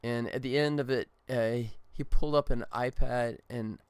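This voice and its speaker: A man's voice: mid-range voice, fairly even intonation, normal speed, smooth, no room sound. A tired middle-aged man, a game developer, chatting casually and ramblingly on a livestream. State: exhausted.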